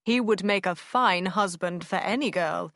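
A jolly, hearty country gentleman from a storybook, as a woman reader voices him. He talks cheerfully and boisterously. The voice sits slightly back from the mic in a dry sound. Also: mid-range voice, a little slow, no room sound.

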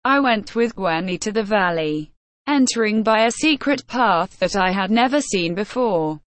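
A woman reading a storybook in a scripted narration, slow, careful and even. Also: medium pitch, no echo. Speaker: audiobook reader.

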